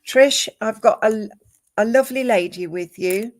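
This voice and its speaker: A woman giving a live psychic reading, calm and measured, listing names and images one at a time. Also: a little high. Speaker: psychic medium.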